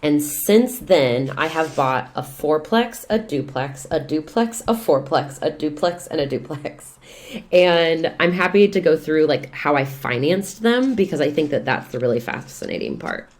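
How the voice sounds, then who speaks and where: A woman, a real estate investor and coach, talking as a podcast guest in lively, expressive storytelling. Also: low voice, measured pace. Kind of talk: casual podcast conversation.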